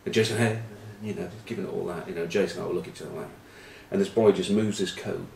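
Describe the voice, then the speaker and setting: Deep-voiced man rambling through rugby stories. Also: steady tone, quick pace, creaky, a little mellow, slight background noise. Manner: rambling storyteller, full of ums and uhs, dry banter. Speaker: rugby pundit, former player. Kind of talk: casual rambling rugby chat with anecdotes. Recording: roomy, from a distant mic.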